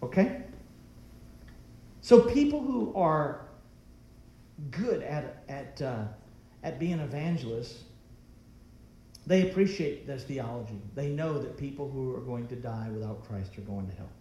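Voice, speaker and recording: A man's voice: mid-range voice, lively intonation, unhurried, long pauses, dark tone, echoey room, slight background noise. A man preaching a sermon as pastor, emphatic and full of rhetorical questions.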